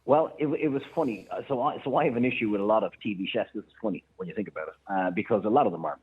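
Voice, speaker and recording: An Irish man, a chef and restaurant owner, telling stories in a lively way on the radio and acting out the people he quotes. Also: on the low side, rapid-fire, breathy edge. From Ireland. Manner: animated anecdote-teller, acts out quoted voices. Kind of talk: casual radio storytelling. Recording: thin phone-line sound.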